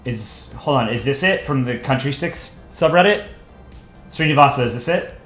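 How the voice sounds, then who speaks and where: A man's voice: mid-range voice, normal speed. Man casually chatting on a drawing stream. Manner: relaxed, rambling with fillers. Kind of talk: casual live stream chat. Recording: echoey room with faint music.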